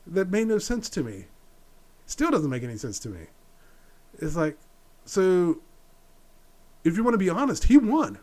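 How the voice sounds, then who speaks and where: A man's voice: high-pitched, big pitch swings, normal speed. A middle-aged man hosting a solo opinion podcast, blunt and exasperated, repeating his points. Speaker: podcast host.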